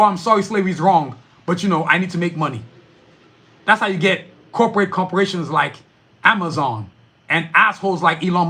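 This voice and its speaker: Brief: male podcast host, profane heated rant, high bright voice, wildly swinging pitch. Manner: profane, fired-up, emphatic. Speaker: podcast host reading live chat.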